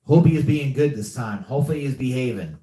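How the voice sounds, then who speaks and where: In an echoey room, a man hosts a casual live podcast, reading the chat while rambling, repeating himself and using many fillers. His mid-range voice is mellow yet animated, and he talks fast.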